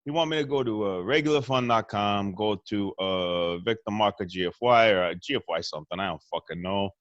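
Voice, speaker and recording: A man's voice: fairly low pitch, brisk, no room sound, muffled recording. A man guest-hosting a show with a crude, rambling and boastful comic monologue from a hotel room. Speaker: stand-in host.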